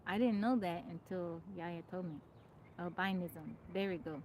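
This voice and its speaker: A woman's voice: on the low side, moderate pace, mellow, slight background noise, low-quality recording. A woman hosting a casual live stream, greeting viewers by name and chatting with frequent laughs. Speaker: livestream host. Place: outdoors in nature. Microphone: phone.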